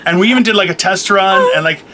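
A man chatting casually as a co-host, telling an animated story, acting out quotes and laughing often. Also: sits high, fast, a little hiss or hum. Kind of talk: casual chat.

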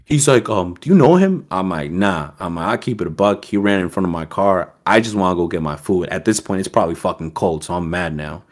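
A man's voice: low-pitched, brisk, hardly any pauses. A young man telling a story as a podcast guest, casual and profane, acting out the voices of the people in it. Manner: profane, animated, acts out quoted voices.

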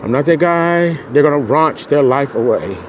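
A man hosting a podcast, ranting angrily and profanely, swinging from low muttering to loud outbursts. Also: animated, normal speed, background noise. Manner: profane, venting, swings between muttering and shouting. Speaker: podcast host. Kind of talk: angry solo podcast rant.

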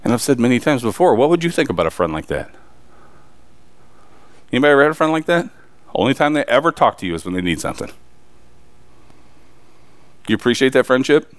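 A man's voice: medium pitch, sing-song, fast talker, pauses often, dry recording. A man preaching a sermon, emphatic and pressing the congregation with rhetorical questions.

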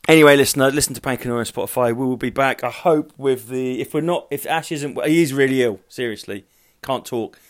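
This is a middle-aged man speaking fast in a mid-range voice as he records his solo podcast while moving around his home. Feeling hot, tired and hungover, he meanders, swears a lot and is self-deprecating.

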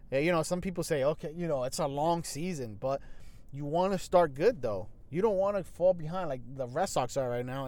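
A man's voice: on the high side, a little mellow, no room sound. A young man in a casual sports talk show, blunt and profane, rambling with restarts and slang. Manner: frequent restarts and fillers, loose slangy grammar.

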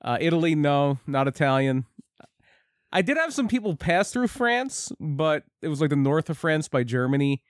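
A man's voice: fairly high pitch, big pitch swings, moderate pace, no echo, clean studio sound. An easygoing man in casual podcast chat, chatty and joking.

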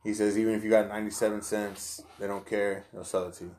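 A man's voice: lowish voice, level tone, quick pace, a little mellow. A man in casual chat, laid-back and loose, swearing freely and filling his talk with "you know" and "like".

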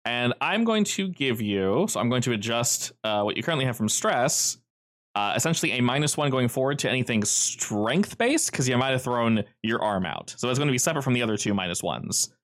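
A man's voice: medium pitch, big pitch swings, a little fast, fairly bright tone. A man running a tabletop game as game master, narrating in a rambling, easygoing way full of fillers.

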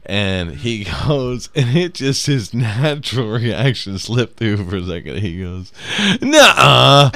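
A man's voice: on the low side, lively intonation, a little slow, hardly any pauses. A man casually telling a funny road story on a podcast, laughing through the punchlines.

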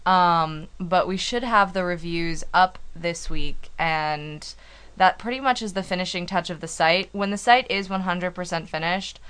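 A woman's voice: lowish voice, measured pace, a bit bright, clear, resonant tone. A young woman co-hosting a casual podcast, chatty and giggly as she runs through announcements. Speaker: podcast co-host and site admin.

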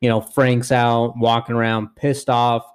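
A man's voice: mid-range voice, a little slow, clear, resonant tone. A young man co-hosting a casual chat with friends, telling a work story with lots of swearing and acted-out quotes. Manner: profane, animated storyteller acting out quotes. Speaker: podcast co-host.

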